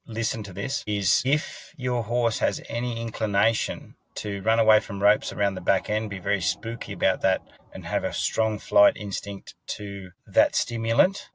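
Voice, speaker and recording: A man's voice: on the low side, no echo. A middle-aged man explaining horse training, earnest and emphatic, often restarting words and checking in with "okay?". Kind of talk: spoken training advice.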